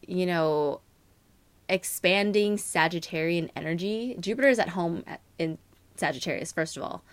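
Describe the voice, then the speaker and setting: A young woman gives a casual astrology and tarot reading, rambling and filling her speech with "like" and "um." Her voice is lowish, and the recording is dry.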